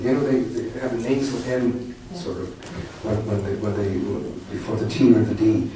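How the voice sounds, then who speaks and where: With a mid-range voice, fairly even intonation and few pauses at a moderate pace, an older Canadian poet and commentator reflects wryly on a personal story before an audience, restarting frequently. A distant mic captures him in a very echoey hall with noise and a crowd in the background.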